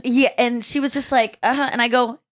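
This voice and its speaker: Woman podcast host, kinda high voice, casual chat, animated storyteller doing little voices. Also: a little fast.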